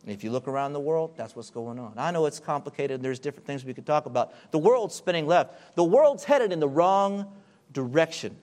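A man delivering a sermon in a slightly high voice. He moves between hushed, drawn-out phrases and loud, emphatic build-ups, stretching key words for weight. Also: expressive. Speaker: preacher.

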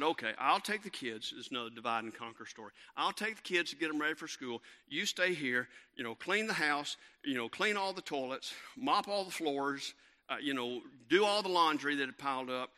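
A middle-aged man, preaching a sermon and telling a lively family story with many fillers and restarts. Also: medium pitch. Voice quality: bright, animated storytelling with frequent fillers and restarts.

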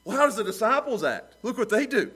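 A middle-aged man preaching with a high, lifted voice. He swings between hushed asides and loud, pleading outbursts, acting out the people in his story. His delivery is lively and theatrical. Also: a little fast, breathy edge. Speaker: pastor. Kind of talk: sermon.

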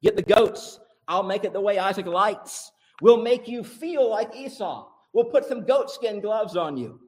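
A man's voice: high voice, animated, unhurried, voice pushed up, low-quality recording. A scheming mother, as a preacher puts her on. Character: scheming mother urging her grown son.

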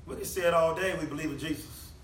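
High, bright preacher man. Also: fast talker, a little hiss or hum. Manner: conversational preaching full of rhetorical questions. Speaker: pastor. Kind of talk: sermon. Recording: echoey room, mic at a distance.

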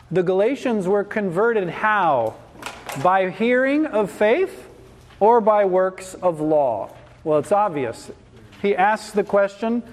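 A man preaching a sermon, reading a Bible passage and then commenting on it in an emphatic, dramatic way. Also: high-pitched. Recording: long hall reverb.

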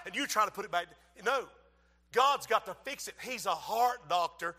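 A man preaching a sermon, acting out a story, swinging from hushed tones to shouting. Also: high voice, animated, fairly quick. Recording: long hall reverb.

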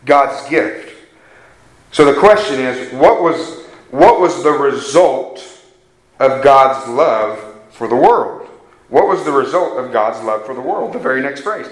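A man's voice: medium pitch, roomy sound, low-quality recording. A man preaching a sermon, repeating key phrases for emphasis and putting questions to his congregation.

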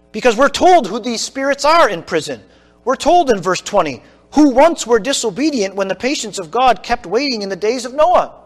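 A high-pitched male preacher teaching through a passage in an earnest, explanatory way. His voice carries a long reverb, as in a large church hall. Faint music sits underneath. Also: a bit bright. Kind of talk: teaching sermon.

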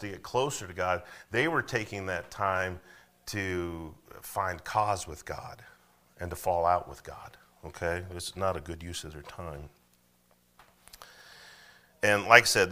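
A man's voice: low voice, sharp tone. A man preaching a sermon as pastor, conversational, often checking in with "okay?". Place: church.

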